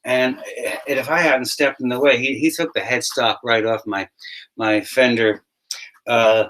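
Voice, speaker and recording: A man telling a rambling comic road anecdote in a halting way, full of restarts and fillers. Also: mid-range voice, steady tone, a bit bright, poor audio. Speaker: storyteller doing a tribute impression.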